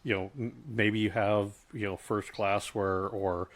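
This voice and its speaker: A middle-aged man co-hosting a casual podcast chat, talking in halting starts with many fillers and restarts. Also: fairly low pitch, little pitch movement. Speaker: podcast co-host.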